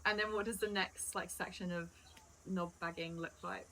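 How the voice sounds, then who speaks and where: A woman's voice: on the low side, steady tone, normal speed, sharp tone, a little hiss or hum, low-quality recording. A woman interviewing a hiker in a casual chat, encouraging her with many short replies.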